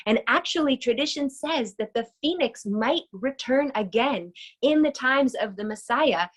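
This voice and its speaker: A woman's voice: fairly high pitch, poor audio. A woman teaching a casual online lesson, enthusiastic and chatty, often asking her audience questions over a video call.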